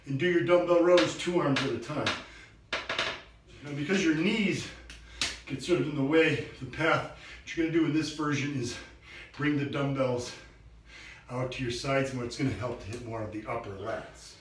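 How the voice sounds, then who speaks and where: A man coaching a workout tip, energetic and instructive, out of breath from training. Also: fairly high pitch, moderate pace, long pauses, echoey room, far from the mic, a little hiss or hum, low-quality recording. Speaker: fitness coach. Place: gym.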